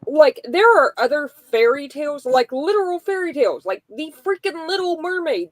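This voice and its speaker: A woman co-hosting a casual podcast chat, venting in a blunt, exasperated way. Her voice sits high. The recording is dry, with no room sound. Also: no echo, rough recording. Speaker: podcast co-host.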